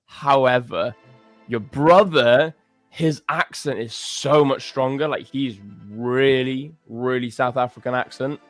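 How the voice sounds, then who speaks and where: A man's voice: medium pitch, fairly even intonation, slow pace, dry recording, faint music behind. A man with a Pembrokeshire Welsh accent, hosting a livestream in a chatty, casual way and laughing often. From Pembrokeshire, Wales. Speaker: livestream host. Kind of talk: casual chat.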